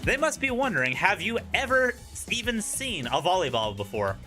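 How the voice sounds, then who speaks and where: A man's voice: high-pitched, big pitch swings, normal speed, pushed and bright, faint music behind. A man streaming a dating game, reading its text aloud with jokey asides and dramatic flair.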